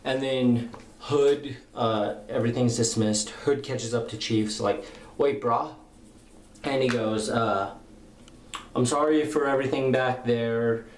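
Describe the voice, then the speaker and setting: A man's voice: medium pitch, fairly even intonation, unhurried, slight background noise. A young man giving a casual, rambling spoken review of a comic book, retelling the dialogue in slangy paraphrase with lots of fillers. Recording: echoey room with faint ambience.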